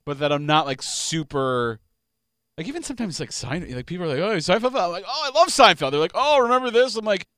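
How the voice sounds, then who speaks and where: A man's voice: sits high, expressive, brisk, a bit bright, no echo, studio quality. A man chatting on a talk show, laughing and mimicking others as he tells his story. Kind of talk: casual talk show banter.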